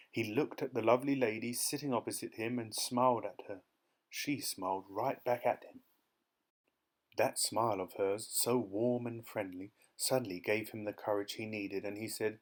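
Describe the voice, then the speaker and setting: A male audiobook narrator reading a children's story in a lively, expressive way. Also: fairly low pitch.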